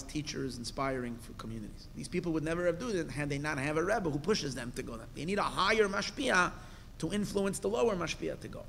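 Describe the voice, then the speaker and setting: A man's voice: a little high, creaky, fairly bright tone, slight background noise. A man, a rabbi, giving a Torah class. He reads a Hebrew text phrase by phrase and explains each in English, with emphatic bursts and questions. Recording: long hall reverb.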